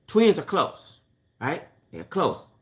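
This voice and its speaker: A woman's voice: sits low, very animated, slow pace. An older woman hosting a casual gossip chat, opinionated and chatty, talking straight to her viewers. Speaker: host.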